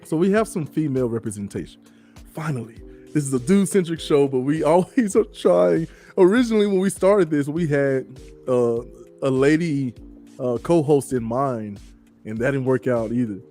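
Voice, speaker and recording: A man's voice: mid-range voice, lively intonation, moderate pace, mellow, faint music behind. A man from the American South hosting a podcast in a laid-back, chatty way, laughing easily. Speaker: show host. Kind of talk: casual podcast chat.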